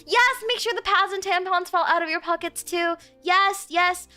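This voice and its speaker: A woman's voice: very high voice, normal speed, sharp tone, soft background music. A woman streamer chatting casually with her viewers, playful and teasing, often giggling.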